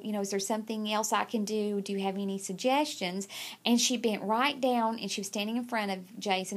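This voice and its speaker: A middle-aged woman teacher giving a recorded video lecture, conversational, with many fillers and restarts. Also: mid-range voice.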